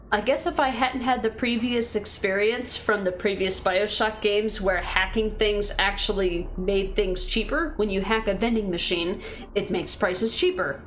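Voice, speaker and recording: A woman streams a game and chats casually with viewers, reading their comments and thinking aloud with fillers and restarts. Her voice is medium in pitch, with a little hiss or hum in the background.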